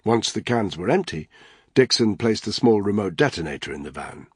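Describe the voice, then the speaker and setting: Deep husky male audiobook narrator. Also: animated, normal speed, a little mellow, no echo, clean studio sound.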